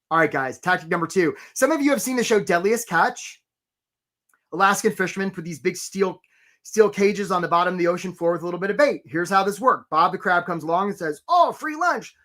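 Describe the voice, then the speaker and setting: A man coaching job seekers on a live webinar, animated and casual, often stopping to greet attendees by name. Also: sits high. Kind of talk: energetic live webinar talk.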